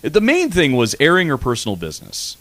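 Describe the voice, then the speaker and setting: A man's voice: on the high side, huge pitch swings, fairly quick, fairly bright tone. A man hosting a radio comedy show, chatting in a crude, mocking, rambling way with lots of restarts. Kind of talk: casual comedic chat. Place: radio studio.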